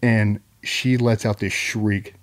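A man's voice: lowish voice, takes it slowly. A man, a guest on a podcast, telling casual stories about his wife with swearing and mock voices. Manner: swearing, animated anecdotes; does loud mock voices when quoting his wife. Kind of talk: casual storytelling.

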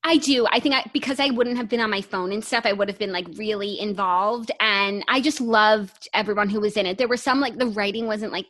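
A young woman co-hosting a podcast in casual chat, agreeable and expressive as she reacts and shares her opinions. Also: mid-range voice, a little fast, few pauses. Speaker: podcast co-host.

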